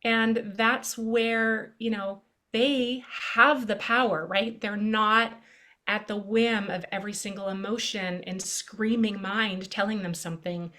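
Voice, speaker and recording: Gentle middle-aged woman explaining stuff, storytelling vibe, calm and unhurried. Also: medium pitch. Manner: gentle, storytelling, drops to a soft hush. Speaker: pediatric neurologist guest. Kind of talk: conversational interview.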